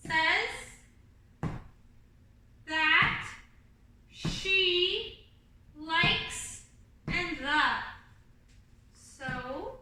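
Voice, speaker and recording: A woman teaching kindergarten online, her voice very high and bright as she walks small children through their lessons. She talks slowly and clearly, sometimes breaking into simple songs. The sound is roomy and echoey, picked up from a little distance. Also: a little hiss or hum. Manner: slow, clear teacher talk to young children, singing vowel songs. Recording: echoey room, a bit far from the mic.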